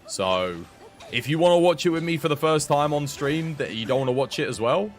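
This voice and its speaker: A man's voice: fairly high pitch, animated, fairly quick, faint music behind. A man from the United Kingdom with a British English accent, a game streamer talking casually and sarcastically in a joking, rambling way. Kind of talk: casual live-stream chat.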